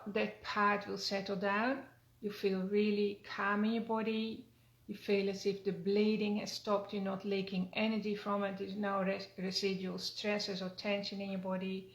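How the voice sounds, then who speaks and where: A woman teaching a self-help wellness practice, talking gently and repeating phrases, with many fillers. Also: mid-range voice, level tone, unhurried, roomy sound, poor audio. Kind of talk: spoken self-help talk.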